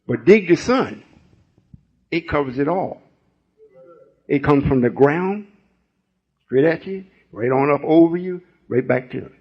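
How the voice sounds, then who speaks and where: A man's voice: a little high, lively intonation, a little slow, pauses often, slightly rough. A man in his late sixties giving a folksy, rambling sermon-style teaching and checking in with listeners. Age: 60s. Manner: folksy, rambling, call-and-response. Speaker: spiritual teacher. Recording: muffled lo-fi recording.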